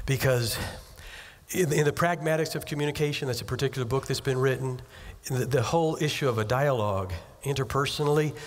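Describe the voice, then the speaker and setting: A pastor preaching a sermon in an earnest, conversational way, acting out little scenes as he goes. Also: mid-range voice. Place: church sanctuary. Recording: long hall reverb.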